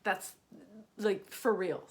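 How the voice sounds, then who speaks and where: A woman's voice: medium pitch, slow pace, darkish tone. A woman comedian chatting casually from her kitchen as she answers viewer questions, rambling and crude, with many fillers and whispered asides. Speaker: stand-up comedian. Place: home kitchen.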